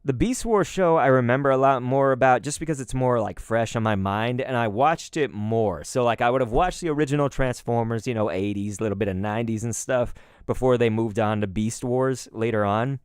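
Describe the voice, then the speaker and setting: A man's voice: mid-range voice, fairly quick, smooth, no room sound, clean studio sound. A man hosting a card-opening video, chatting casually in a rambling, nostalgic way with many asides to viewers. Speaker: YouTube host opening collectible cards. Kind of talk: casual chat.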